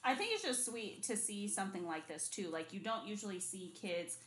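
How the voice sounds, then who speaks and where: A woman co-hosts a podcast from home, chatting casually with slang, swearing and frequent laughter. Her voice sits mid-pitch and rings in a roomy, echoing space. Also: lively intonation, brisk, fairly bright tone. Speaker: podcast co-host. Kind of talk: casual chat. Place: home room, people outside. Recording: roomy echo.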